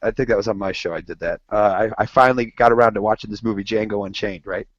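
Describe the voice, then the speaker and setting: Over dull, lo-fi, dry podcast audio, a male co-host with a lowish, steady voice talks quickly through meandering stories. He curses without restraint and imitates what others said, bantering casually with his friends.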